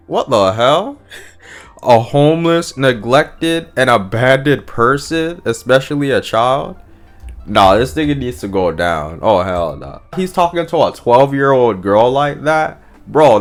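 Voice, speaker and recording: A young man giving a casual reaction commentary, full of profane slang, fillers and restarts. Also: mid-range voice. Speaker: manga reaction vlogger.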